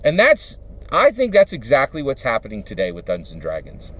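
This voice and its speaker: The Philadelphia dungeon master and YouTuber speaks a little fast in a medium-pitched, somewhat bright voice with huge pitch swings. He rambles casually, leaning on fillers and asking "right?" over and over.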